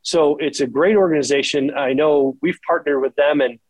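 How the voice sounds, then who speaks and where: A man's voice: fairly high pitch, fairly even intonation, moderate pace, no room sound, poor audio. A man who works as a shoe salesperson, speaking in an earnest, heartfelt way and repeating words when he is moved. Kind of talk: emotional conversational interview.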